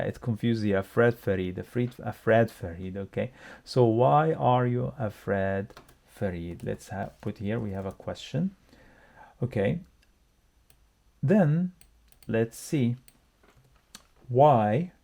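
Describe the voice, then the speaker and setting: A man teaching a language lesson online, patiently repeating each word slowly for learners. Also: on the low side, creaky, warm tone.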